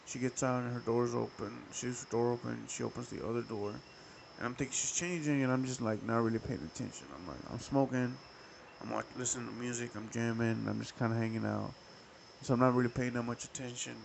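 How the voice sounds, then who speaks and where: A young man hosting a podcast, telling a story in a profane, rambling, animated way. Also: mid-range voice, quick pace, vocal fry, a little hiss or hum, low-quality recording. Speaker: podcast host. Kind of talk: casual storytelling.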